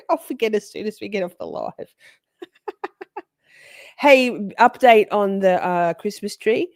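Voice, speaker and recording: Bubbly, lively woman streamer. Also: medium pitch, slow pace, creaky, pauses often, no room sound, studio quality. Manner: playful, laughs often, swears, talks straight to viewers. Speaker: livestream host. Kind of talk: casual live-stream chat.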